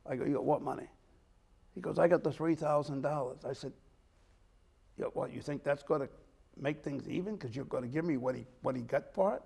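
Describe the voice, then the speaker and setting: A gravelly older man spins a rambling story as host of a local talk show. His voice sits a little high for a man and keeps acting out what others said. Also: fairly quick, warm tone. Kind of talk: casual storytelling chat.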